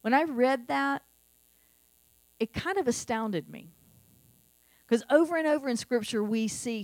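A woman's voice: fairly high pitch, lively intonation, a little slow, darkish tone, no room sound. A middle-aged woman pastor preaching a sermon in an earnest, conversational way, repeating key phrases. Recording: dry with faint mains hum.

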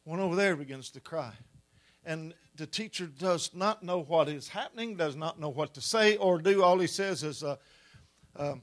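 Male preacher, middle-aged, sermon storytelling, fairly high voice, builds to loud peaks. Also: normal speed. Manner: animated storyteller, rising to loud climaxes.

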